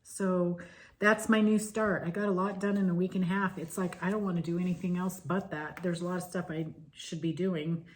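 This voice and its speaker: A woman's voice: fairly low pitch, steady tone, fairly quick. A woman co-hosting a stitching channel, chatting casually and wandering off into stories. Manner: chatty, digressive storyteller. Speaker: flosstube co-host.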